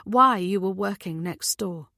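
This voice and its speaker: A woman reading the part of a gentle, caring mother, speaking patiently and kindly. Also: mid-range voice, measured pace, vocal fry, dry recording, studio quality.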